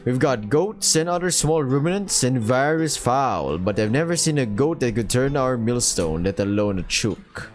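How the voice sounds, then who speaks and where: A man's voice: medium pitch, lively intonation, moderate pace, hardly any pauses, soft background music, rough recording. A man playing through a visual novel, reading the narration aloud expressively and laughing at his own slips. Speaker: visual novel let's player. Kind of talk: dramatic reading of game narration.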